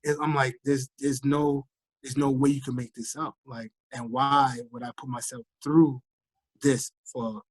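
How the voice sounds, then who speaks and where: Husky man in his thirties from Trinidad, worn out by illness, animated storyteller, dry close sound. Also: medium pitch, measured pace, no room sound. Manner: animated storyteller, acts out quoted voices. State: fatigued, recovering from illness. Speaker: guest, firefighter recovering from illness. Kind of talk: casual interview over a call.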